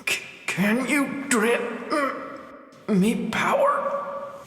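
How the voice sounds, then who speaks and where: A man voicing a betrayed young man bleeding out in a cave, pleading in high, strained, stammering cries. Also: huge pitch swings, extremely slow, sharp tone, reverberant, big-room sound, heavily acted. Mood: desperate.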